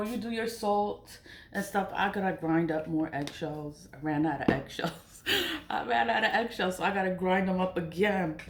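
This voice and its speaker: A middle-aged woman talking casually in a spiritual vlog, animated, laughing often and swearing freely. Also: lowish voice, reverberant. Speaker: spiritual product seller.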